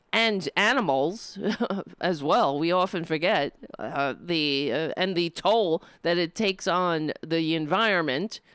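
A woman's voice: lowish voice, clear, resonant tone, no room sound, clean studio sound. A woman giving an indignant opinion monologue, often stumbling and restarting as she builds her point. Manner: impassioned, indignant, with halting restarts.

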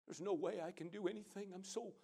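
A man voicing a hopeless, self-pitying churchgoer who mutters in a hushed, defeated way. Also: high voice, fast talker, creaky, breathy edge, full character voice.

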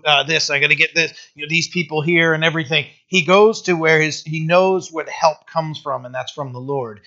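A pastor talks through a psalm in an easy, conversational manner, often pausing on fillers and restarting his sentences. His voice is bright and sits a little high for a man. The recording sounds dull and lo-fi. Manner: casual, halting, with many fillers and restarts. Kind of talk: conversational Bible teaching.

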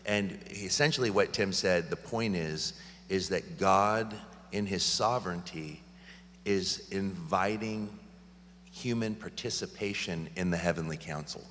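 Man, middle-aged pastor; earnest rambler, low voice, church reverb. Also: measured pace, fairly bright tone, a little hiss or hum. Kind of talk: church Q&A talk. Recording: long hall reverb.

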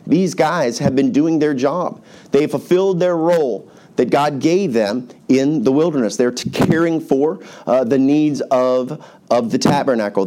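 A pastor preaching a sermon to his congregation, who tells the story in a lively, casual way and acts out the characters' voices. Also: fairly high pitch. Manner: animated, colloquial storytelling with acted-out voices.

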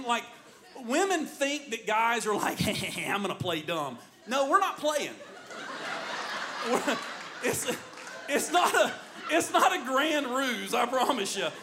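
High, animated middle-aged male preacher. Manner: animated, joking storytelling preacher. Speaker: pastor. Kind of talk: sermon.

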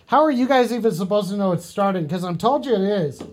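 A man's voice: sits high, animated, fast talker, few pauses, a little mellow. Crude, teasing male livestreamer. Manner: crude, teasing banter with chat. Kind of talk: casual livestream chat.

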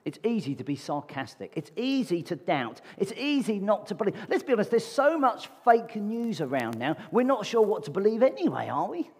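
Husky male preacher in a reverberant hall. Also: high voice, very animated, moderate pace, hardly any pauses. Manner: conversational, asks the congregation rhetorical questions. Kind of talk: sermon. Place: church meeting hall. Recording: long reverb of a large hall.

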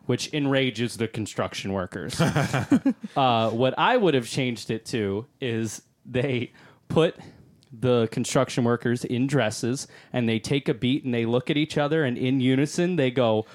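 Podcast co-host, casual storyteller, mid pitch, laughs along. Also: measured pace. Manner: storytelling, laughing at own jokes. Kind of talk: casual chat.

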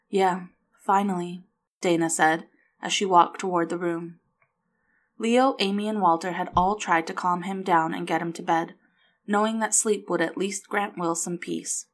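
Woman, audiobook narration, gentle delivery, slightly low voice. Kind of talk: scripted narration.

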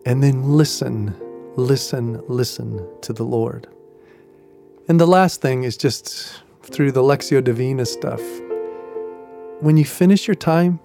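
A man's voice: medium pitch, gravelly, warm tone. A man hosting a devotional podcast, teaching in an earnest, reflective way and repeating key phrases. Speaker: podcast host and Christian teacher.

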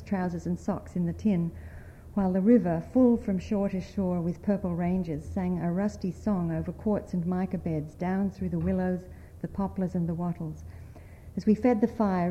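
A woman writer from the United States, reading a story aloud at a panel in a measured, expressive way. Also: on the low side, lo-fi sound, slight background noise.

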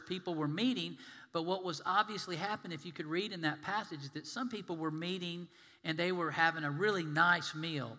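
A man delivers a folksy, conversational sermon, slipping into the voices of the people he quotes. His voice is bright and sits a touch high for a man. The sound hangs in the long echo of a large church hall. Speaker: pastor. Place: church sanctuary.

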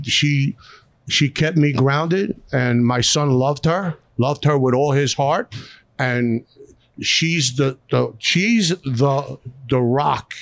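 A man's voice: mid-range voice, no room sound. A middle-aged man with a Philadelphia accent, a restaurateur speaking bluntly and emotionally as a guest in a podcast interview, often repeating himself. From South Philadelphia.

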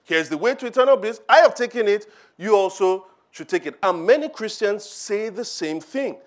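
Guy preaching in church, high voice that swings all over, lots of questions to the crowd. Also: moderate pace. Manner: animated preaching, acting out quoted voices, rhetorical questions. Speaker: pastor. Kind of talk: sermon.

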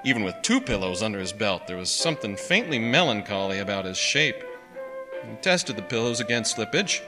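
A man reading a story aloud in a wry, measured narrating manner. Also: fairly low pitch, big pitch swings. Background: music.

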